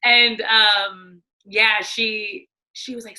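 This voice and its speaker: A middle-aged woman, a former studio executive, telling lively stories in casual conversation, acting out what people said and laughing often. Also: medium pitch, slow pace, rough recording. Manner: animated, acts out quotes, laughs often. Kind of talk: casual storytelling.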